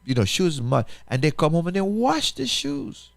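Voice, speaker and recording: A pastor hosting a talk show, speaking, makes an impassioned appeal full of repetition and rhetorical questions. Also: male voice, on the high side, very animated, moderate pace, gravelly, dry recording. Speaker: pastor and radio show host.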